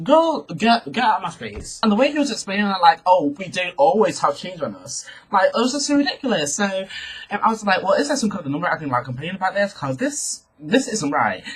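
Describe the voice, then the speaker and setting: A young man telling a sassy, animated storytime rant to camera, calling his viewers girl. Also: high-pitched, slightly rough, rough recording. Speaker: vlogger.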